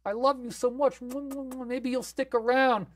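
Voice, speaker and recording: A man voicing a raspy, chain-smoking grandmother who dotes and fusses over viewers on a live stream. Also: very high-pitched, fairly even intonation, a little slow, pitched above the performer's own voice. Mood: fussing. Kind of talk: comic live stream character.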